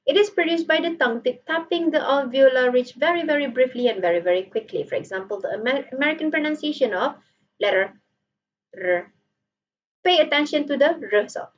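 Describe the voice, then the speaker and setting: Woman, Malaysian accent, lecturer, fairly high voice, playful, recorded from a distance. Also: fast, few pauses, highs cut off, slight background noise. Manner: playful, switches between Malay and English, demonstrates sounds. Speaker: phonetics lecturer.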